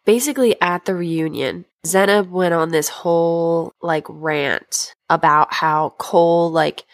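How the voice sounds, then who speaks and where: A woman's voice: on the low side, steady tone, a little slow, dry recording. Rambling, swearing young woman podcaster. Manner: rambling storyteller, heavy "like" fillers, frequent swearing. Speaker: podcast co-host. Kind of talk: casual chat. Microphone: remote recording.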